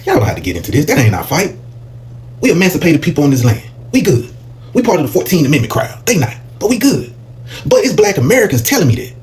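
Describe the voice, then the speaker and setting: A man's voice: on the high side, fast. A man hosting a reaction channel, giving heated, preachy commentary. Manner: preachy, animated, mocking put-on quotes.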